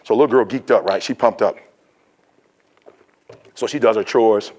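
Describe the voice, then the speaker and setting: A man's voice: fairly low pitch, moderate pace, a little mellow. A man giving a motivational sermon, telling a story in a conversational, fervent preaching style.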